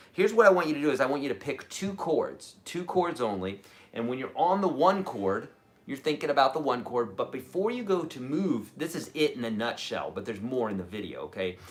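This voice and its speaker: A middle-aged man at a medium pitch, running a live guitar lesson with questions from viewers. He talks in an animated, chatty way and keeps checking in with his audience. His tone is easygoing and encouraging. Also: moderate pace. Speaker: guitar teacher.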